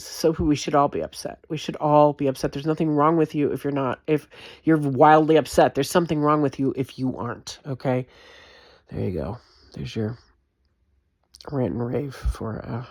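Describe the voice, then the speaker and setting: A woman's voice: very deep voice, a little mellow, no room sound, clean studio sound. A woman giving an impassioned vlog rant, emphatic and repetitive, swearing freely. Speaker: vlogger.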